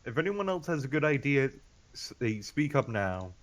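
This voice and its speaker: A man's voice: medium pitch, very animated, moderate pace. Earnest man giving squad orders. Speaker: player. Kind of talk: in-character tabletop planning.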